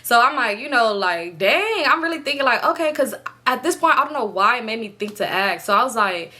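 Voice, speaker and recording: Bright, lively young woman spinning a story. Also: on the high side, fairly quick. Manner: animated, chatty, swears freely, laughs often. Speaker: vlogger. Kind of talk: casual storytime.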